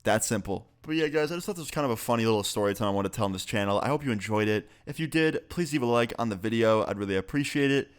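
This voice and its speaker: A man's voice: medium pitch, expressive, fast, hardly any pauses, clean tone. A young man casually telling a story-time vlog and joking with his viewers. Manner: chatty, joking, signs off to viewers.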